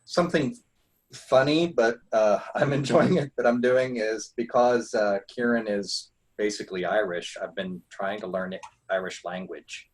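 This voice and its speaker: A man's voice: lowish voice, measured pace, breathy edge. A man, a larp player, chatting eagerly on a group call and laughing often. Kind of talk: casual video call chat.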